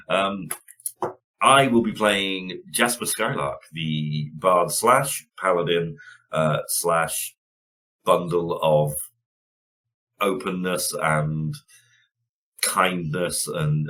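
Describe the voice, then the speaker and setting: A man introducing himself as a player, in an unhurried, rambling way with fillers. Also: low voice, bright, forceful tone. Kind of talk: casual chat.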